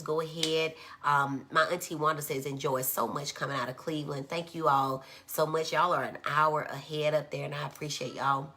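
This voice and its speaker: Lady psychiatrist doing a casual live stream, low pitched but bright, reads comments out, lots of y'all. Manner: chatty, reads viewer comments aloud, says y'all often. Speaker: child and adolescent psychiatrist.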